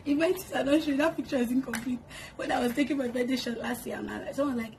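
A talkative woman vlogging from home, her fairly high voice carrying a gravelly rasp. She laughs often between answers. Kids can be heard faintly in the house behind her. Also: quick pace, a little mellow. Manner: chatty, laughs often, answers questions to camera. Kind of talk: casual get-to-know-me chat. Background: kids making noise.

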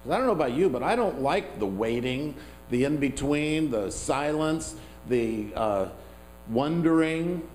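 A man's voice: fairly high pitch, lively intonation, a little slow, darkish tone, a little hiss or hum, low-quality recording. A man preaching a sermon as pastor, talking in a conversational, self-deprecating way with asides to the congregation.

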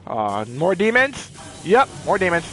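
A man casually commenting on his own gameplay, excitable, exclaiming and playfully taunting enemies into a desk mic. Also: high-pitched, a little slow. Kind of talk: casual let's-play commentary. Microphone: personal desk mic.

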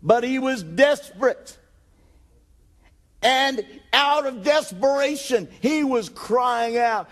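Impassioned high-voiced male preacher. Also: expressive, a little slow. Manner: impassioned, building to shouted declarations; acts out Bible scenes in quoted voices. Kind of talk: sermon.

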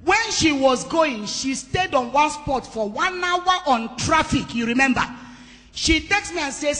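A woman pastor delivers a testimony-style sermon in a bright, forceful voice. She tells her story with emphatic rises and quiet drops. Her words ring out with the long reverb of a large hall. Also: high-pitched, expressive, unhurried. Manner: emphatic storytelling with shifting loudness. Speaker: pastor hosting a women's conference.

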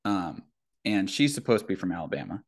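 Low-voiced florida guy, young, podcast chat, halting and full of likes. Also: very animated. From North Florida, US. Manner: halting, many filler words and restarts. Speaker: podcast guest or host. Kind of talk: casual podcast conversation.

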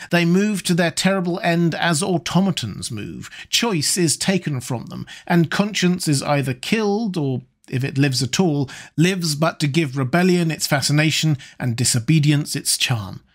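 Male narrator, audiobook, measured dramatic reading, voice a little high.

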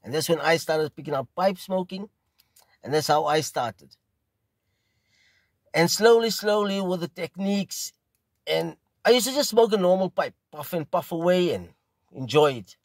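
A middle-aged man from South Africa with a South African accent, telling a casual, rambling story at an unhurried pace and often repeating phrases. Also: on the high side, animated, no echo. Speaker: pipe smoking video host.

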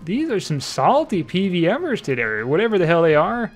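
A young man giving live gameplay commentary, excitable and trash-talking, swinging between low mutters and loud shouts. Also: fairly quick, faint music behind. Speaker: streamer playing an online game.

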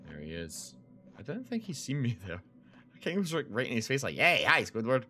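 A man's voice: mid-range voice, sing-song, brisk, pushed and bright, soft background music. A young man commentating a horror game, joking, swearing and yelping when startled. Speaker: gaming video host. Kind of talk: let's play commentary.

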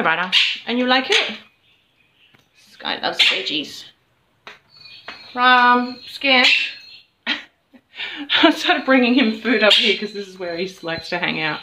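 A young woman talks to her pet parrots in a relaxed, unhurried way, slipping into a doting coo. Her voice sits in a middle pitch, and soft laughs run through her chatter. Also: slight background noise. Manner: cooing and doting, often laughing softly. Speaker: vlogger and pet bird owner. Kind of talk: casual chat to her pet birds.

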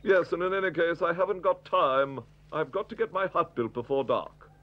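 A man's voice: a little high, normal speed, dull audio, natural voice. A man voicing a greedy, good-natured old dog in a dubbed cartoon, pompous and chuckling. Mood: jolly.

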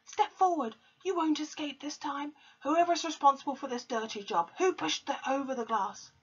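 A woman voicing a furious, bellowing giant of a headmistress who roars high and strained. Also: normal speed, close to an everyday voice. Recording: dull lo-fi recording.

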